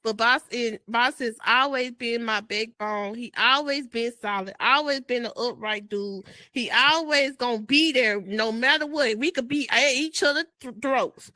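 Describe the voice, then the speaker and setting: A woman speaks on a podcast in a bright, fairly high voice. She is heartfelt, laughs often and swears casually. The sound is dry and close. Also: measured pace, hardly any pauses, dry recording. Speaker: podcast co-host. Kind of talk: emotional casual chat.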